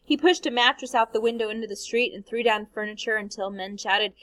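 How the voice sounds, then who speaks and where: A woman, a teacher, reading a novel aloud in a steady, expressive way. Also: a little high, fairly quick, few pauses, no room sound, poor audio.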